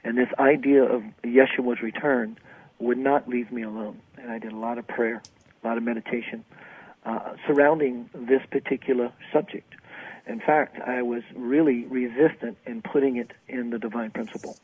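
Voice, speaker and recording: A man, a spiritual author and interview guest, telling his experiences in an animated storytelling manner and acting out the quoted dialogue. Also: mid-range voice, normal speed, husky. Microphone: phone. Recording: tinny phone line.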